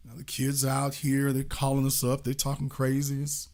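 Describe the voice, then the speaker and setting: A man hosting a call-in show, speaking, mocking and exasperated, swinging between loud jabs and low mutters. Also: completely flat delivery, normal speed. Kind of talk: heated call-in commentary.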